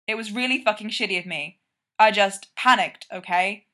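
A woman's voice: mid-range voice, moderate pace, sharp tone, close to an everyday voice. A woman voicing an anxious, sweary young man in a read-aloud story, blurting out his words in a flustered way.

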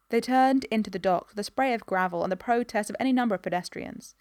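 Woman reading a story aloud, steady, dry close sound. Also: mid-range voice, fast, few pauses, clean tone, dry recording. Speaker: narrator. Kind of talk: storybook narration.

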